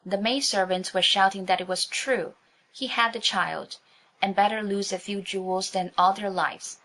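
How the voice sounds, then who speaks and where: A woman narrating a children's audiobook in a clear, even storytelling manner. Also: mid-range voice, normal speed.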